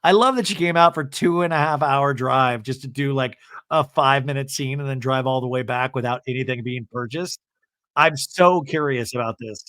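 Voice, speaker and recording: A man hosting a casual comedic podcast recap, animated and quick to mimic the people he describes, swearing now and then. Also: medium pitch, no room sound. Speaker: podcast host recapping reality TV.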